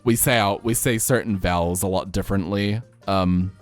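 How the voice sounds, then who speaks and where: A young man from New Zealand with a New Zealand accent, a streamer telling stories in casual chat, laughing often and jumping up in pitch when excited. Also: normal speed. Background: faint music.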